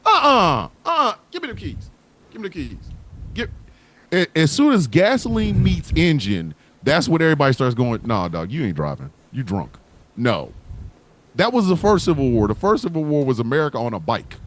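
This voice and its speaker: Animated, profane man riffing on a livestream. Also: on the high side, moderate pace. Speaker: host. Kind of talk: casual livestream chat.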